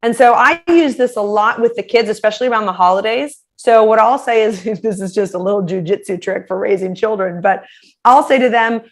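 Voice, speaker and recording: With a medium-pitched voice and a brisk delivery, a woman guest shares practical communication advice. She stays animated throughout, voicing her sample phrases in different characters.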